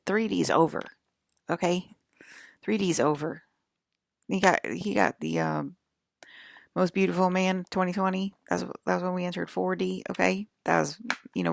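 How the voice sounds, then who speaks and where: Gravelly low-voiced woman ranting on a stream. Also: no room sound, studio quality. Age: 40s. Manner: angry, profane, scolding her viewers; rambling with frequent restarts. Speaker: livestream channel host. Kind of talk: rambling spiritual livestream monologue.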